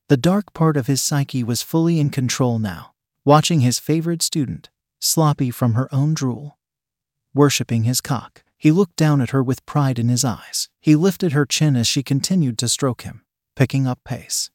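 A man's voice: mid-range voice, moderate pace, a little mellow, dry recording. Man narrating an audio story, dry mic.

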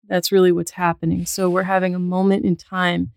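Calm explanatory woman, lowish voice. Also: brisk, creaky, no echo, studio quality. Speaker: guest medical intuitive. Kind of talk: casual podcast conversation.

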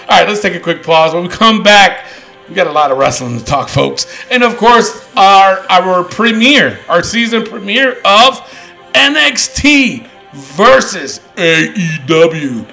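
A man hosting a wrestling podcast, talking loud and ranting with lots of swearing. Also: high voice, lively intonation, unhurried, creaky, faint music behind, poor audio. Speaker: podcast host. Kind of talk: casual wrestling podcast chat.

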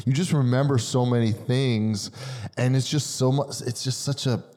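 A man's voice: mid-range voice, fairly even intonation, normal speed, darkish tone. A man hosting a fitness podcast, chatting in a friendly, reflective way with loose, trailing sentences. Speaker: podcast host. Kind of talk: casual podcast chat.

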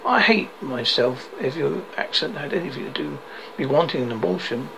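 A woman's voice: sits low, expressive, a little fast, creaky, noisy background. A man reading the lines of a tearful, anxious young woman who blames herself, in a sobbing tone, in a storybook reading. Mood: upset.

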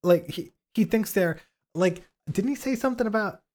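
A man with a slightly high voice vents about politics in casual podcast talk. He leans on "like" constantly and mimics the people he criticizes. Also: animated, moderate pace, darkish tone. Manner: indignant, lots of "like", acts out quotes. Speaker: podcast co-host.

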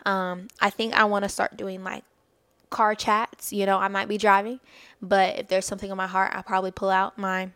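A woman's voice: mid-range voice, level tone, normal speed, a bit bright, clear, resonant tone, no echo. A woman hosting a podcast, giving an earnest, faith-based talk of encouragement and often laughing mid-sentence. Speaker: podcast host.

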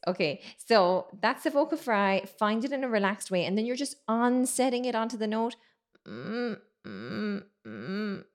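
A woman vocal coach giving a chatty singing lesson, explaining technique and breaking into quick sung and spoken demonstrations. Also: mid-range voice.

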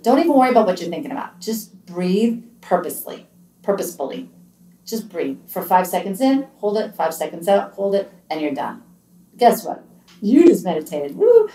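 A middle-aged woman with a low, mellow voice talks earnestly and encouragingly, often restarting her phrases. She sounds distant from the microphone, in an echoey room. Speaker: podcast guest, author. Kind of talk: conversational interview.

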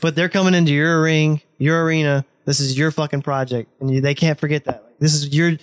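A young man with a somewhat high voice talks in casual chat. He is blunt and pushy, swearing freely as he presses his point. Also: fairly even intonation, a little fast. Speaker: podcast guest, host's best friend.

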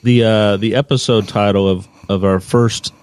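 A man's voice: lowish voice, fairly even intonation, moderate pace, darkish tone, smooth. A man in his fifties co-hosting a podcast in casual chat, rambling and hunting for words with plenty of fillers. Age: 50s. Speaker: podcast co-host.

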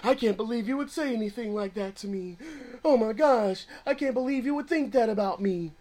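A man's voice: high-pitched, a little fast, darkish tone. A man mimicking an easily offended adult who whines melodramatically about hurt feelings. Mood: wounded. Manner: whiny, melodramatic.

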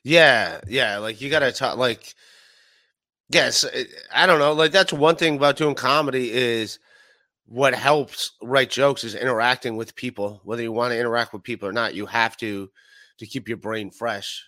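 A man's voice: mid-range voice, moderate pace, bright, forceful tone, no room sound. A man, a comedian being interviewed over a call, talking casually with dry humor and hesitant restarts. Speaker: comedian guest.

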